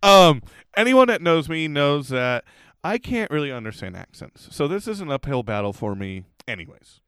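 A man telling a story in casual chat as a podcast co-host, animated and heavy on swearing. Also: a little high, moderate pace, clear, resonant tone, no echo, studio quality.

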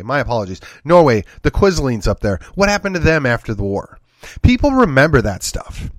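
A man's voice: on the high side, no room sound, clean studio sound. A middle-aged man from Texas hosting a political commentary podcast, talking emphatically in a monologue, firing off rhetorical questions and repeating his points. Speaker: podcast host.

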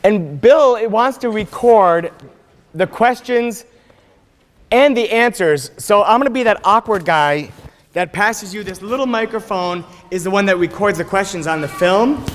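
A man moderating a church family forum in a casual, self-deprecating way. His voice sits high, with long hall reverb and faint background noise around it. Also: expressive, normal speed, a bit bright. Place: church sanctuary.

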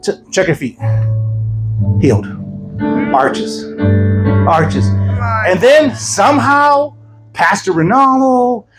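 A man preaching as an evangelist, telling healing stories with laughter and quick acted asides. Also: extremely high pitch, very animated, music in the background, rough recording. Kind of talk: preaching a testimony sermon.

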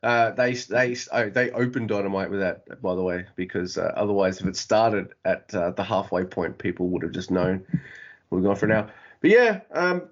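A man's voice: low voice, normal speed, highs cut off. A man hosting a podcast, talking in an easygoing, hesitant way with many fillers. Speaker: podcast host. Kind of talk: casual podcast chat.

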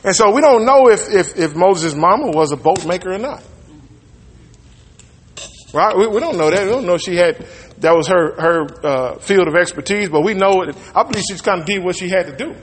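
A man's voice: high voice, expressive, fairly quick, slight background noise. A man preaching a sermon, retelling a story in a loose, conversational way and acting out the characters' lines. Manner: storytelling with conversational asides and acted-out quotes. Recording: echoey hall with long reverb.

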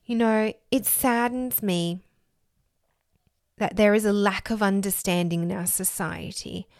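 A woman in her thirties telling a personal story in an earnest, reflective way, laughing softly between thoughts. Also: mid-range voice, steady tone, a little slow, no echo, clean studio sound. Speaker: podcast host.

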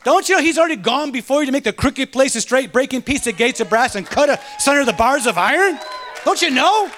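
Very high-pitched, animated, and brisk, this man's fairly bright voice carries a fervent sermon. He shares a personal story and punctuates it with call-outs to the congregation.

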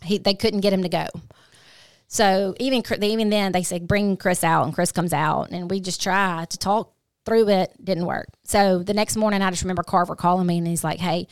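A middle-aged woman telling a hard family story as a podcast guest, earnest and halting, often restarting her sentences. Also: on the low side, steady tone, no room sound, studio quality. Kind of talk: candid personal storytelling.

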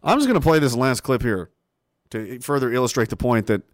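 A man hosting a livestream talk show, reading viewer messages aloud in a casual, animated and profane way. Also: mid-range voice, brisk, no room sound, clean studio sound. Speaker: show host.

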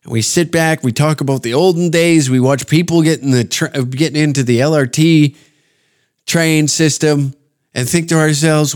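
A man's voice: on the high side, fairly even intonation, moderate pace. A man hosting a podcast, giving crude, profane reaction commentary and mocking what he watches, often laughing. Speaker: podcast host.

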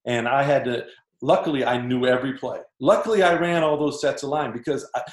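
A man's voice: medium pitch, brisk. A man from Canada, a former basketball player, telling stories as a guest and acting out his coaches' lines. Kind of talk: casual storytelling. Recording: roomy echo.

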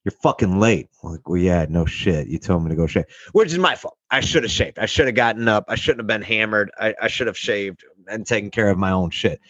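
A man's voice: on the low side, fairly quick, few pauses, a bit bright, no room sound, dull audio. A young man telling a rambling, profane story in casual chat, acting out the people he quotes.

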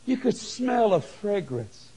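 Husky-voiced man preaching in a big hall. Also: high voice, slow. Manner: excited storytelling, stammers and exclaims. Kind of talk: sermon testimony.

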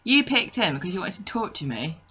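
A woman's voice: medium pitch, very animated, fairly quick, crowd noise. A woman co-hosting a casual podcast, chatty and laughing often as she reads through her notes. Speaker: podcast co-host.

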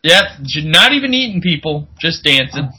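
A man's voice: fairly high pitch, sing-song, normal speed, pushed and bright, breathy edge, rough recording. A man co-hosting a podcast, recapping a movie in casual chat, laughing and acting out characters' lines. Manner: laid-back, laughing, acts out characters in quotes. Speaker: podcast co-host.

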